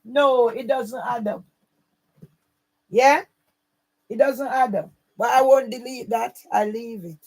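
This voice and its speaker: A woman's voice: a little high, slow pace, pauses often, low-quality recording. A woman, running her own channel, speaking straight to camera in an angry, accusing and repetitive way. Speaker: channel owner. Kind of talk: angry direct-to-camera rant.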